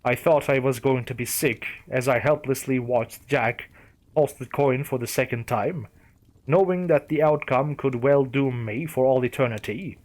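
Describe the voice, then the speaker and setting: A man reads a first-person horror story aloud as its narrator. His delivery is steady and storytelling. His voice sits at an ordinary middle pitch for a man. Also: normal speed.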